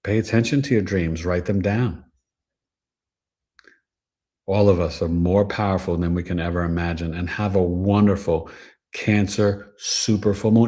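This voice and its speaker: A man hosting a casual astrology livestream, giving animated, preachy advice with plenty of slang. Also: low voice, normal speed, long pauses. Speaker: astrologer and show host.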